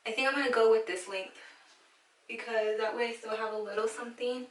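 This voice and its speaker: A woman's voice: on the high side, steady tone, brisk, fairly bright tone, distant mic, a little hiss or hum. Nervous young woman vlogging in an echoey room. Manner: nervous and emotional, swearing freely, drops to whispers. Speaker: beauty vlogger and hairstylist. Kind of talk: casual vlog, talking to camera while cutting her hair. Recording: echoey room, slightly off-mic.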